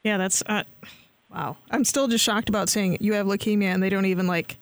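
A male podcast host with a high voice who reacts readily and asks follow-up questions. He breaks in with quick exclamations. The sound is dry and close. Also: steady tone, no room sound. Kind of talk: podcast interviewing.

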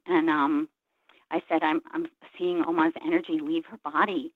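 A woman's voice: deep voice, little pitch movement, normal speed, no echo. An earnest woman shares a long personal story as an interview guest, slipping into the voices of the people she describes. She comes through a tinny telephone line with no room sound around her. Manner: earnest, reflective, retells scenes by voicing others' words. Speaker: guest, Reiki practitioner.

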